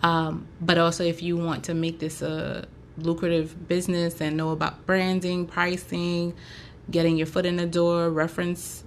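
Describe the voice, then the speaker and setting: Haitian-born woman just chatting, lowish gravelly voice, faint hiss behind. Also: completely flat delivery, moderate pace. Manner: chatty, loose, full of fillers. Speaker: podcast host and braider. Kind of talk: casual chat.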